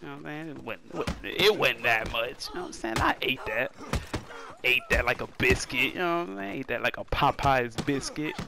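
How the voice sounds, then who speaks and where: A man's voice: medium pitch, animated, brisk, creaky, background noise. A man, a gaming streamer doing casual commentary, joking trash talk and laughing often.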